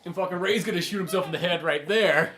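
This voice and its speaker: Guy rattling on fast about movies, kinda high voice, lots of likes and laughing. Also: sharp tone, slight background noise. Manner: rambling, many "like" fillers, laughs often. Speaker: podcast co-host. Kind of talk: casual chat about films.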